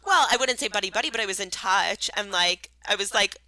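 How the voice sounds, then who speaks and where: A young woman co-hosting a podcast, chatting casually in an animated, gushing way and talking over her partner. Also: medium pitch, brisk, dry recording. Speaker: podcast co-host.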